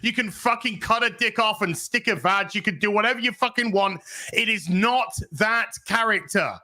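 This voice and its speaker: A man's voice: high-pitched, normal speed. A man co-hosting a casual podcast, ranting with lots of swearing. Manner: profane, animated ranting. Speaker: podcast co-host.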